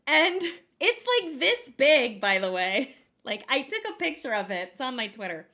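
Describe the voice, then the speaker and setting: Bright, animated woman telling a story. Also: a little high, brisk. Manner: animated, self-mocking, acts out quotes. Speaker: co-host. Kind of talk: casual storytelling chat.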